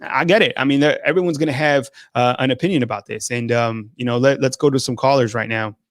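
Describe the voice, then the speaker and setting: A man hosting a sports call-in show, talking in a hesitant, halting way with frequent restarts. His voice sits at a middle pitch and sounds dry and close to the mic. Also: no room sound. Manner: hesitant, many fillers and restarts. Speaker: host.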